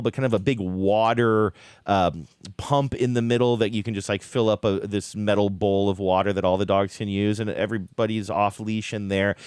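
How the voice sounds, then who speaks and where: A man co-hosting a podcast in a loose, chatty way. He tells his story with animated energy, wanders off on side trails and fixes his words as he goes. He talks at an ordinary middle pitch into a close, dry microphone. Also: clear, resonant tone, dry recording. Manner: rambling, animated storyteller, self-correcting. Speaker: podcast co-host. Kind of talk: casual chat.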